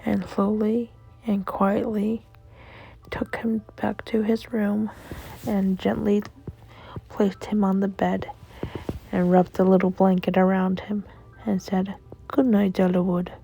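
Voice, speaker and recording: A woman gently telling a bedtime story in a hushed, whispered style. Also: mid-range voice, level tone, slow pace, vocal fry, pauses often, faint music behind, poor audio.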